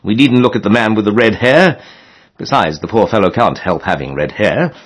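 A man reading aloud, voicing a fussy, excitable young gentleman who exclaims in high bursts. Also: moderate pace, natural voice.

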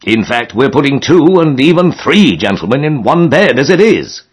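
A man's voice: medium pitch, big pitch swings, moderate pace, slightly rough, pitched above the performer's own voice. A man reading aloud, voicing a courteous innkeeper who apologetically turns guests away. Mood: apologetic. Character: polite apologetic male innkeeper.

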